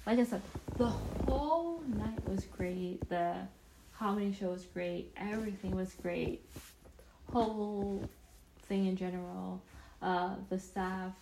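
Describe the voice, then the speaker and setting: Against a noisy background, a young woman with a mid-range voice tells a self-mocking story for her vlog. She rambles and chats loosely, frequently starting her sentences over.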